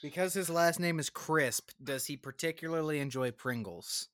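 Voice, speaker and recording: A man on a podcast in casual chat, dropping dry, deadpan quips. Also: on the high side, normal speed, no room sound.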